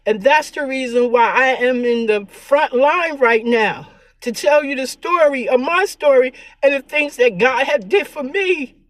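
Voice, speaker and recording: High-voiced tearful woman vlogger. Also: measured pace, no echo. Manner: earnest, preachy and repetitive. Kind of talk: emotional spiritual vlog monologue.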